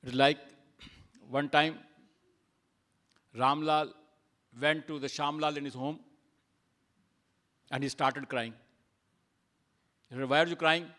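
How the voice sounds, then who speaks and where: A man giving a sermon at a temple, telling stories and asking rhetorical questions, with his loudness rising and falling. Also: fairly high pitch, level tone, slow, long pauses. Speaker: speaker at a temple program.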